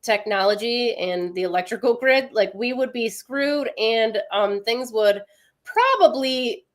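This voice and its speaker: A woman's voice: fairly high pitch, expressive, measured pace. A woman co-hosting an astrology livestream in casual, chatty talk, explaining things plainly and greeting viewers.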